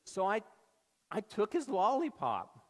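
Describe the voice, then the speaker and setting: A male pastor delivers a sermon with an animated storytelling manner, slipping into quoted voices as he goes. His voice sits somewhat high for a man. The sound carries a long reverb from a church sanctuary. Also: measured pace, slight background noise.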